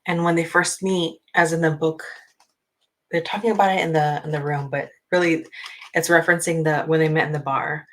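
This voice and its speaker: A woman's voice: deep voice, steady tone, fairly quick, a bit bright, rough recording. A woman hosting a casual book discussion, chatty and rambling with many ums. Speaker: book channel host.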